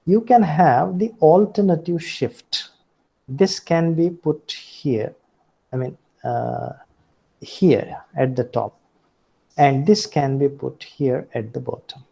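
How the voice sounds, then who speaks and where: A man with an Indian English accent teaches a recorded lecture in a slow, deliberate way, often pausing on fillers and correcting himself. His voice is dark and husky, with a gravelly fry at the edges. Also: on the high side, rough recording.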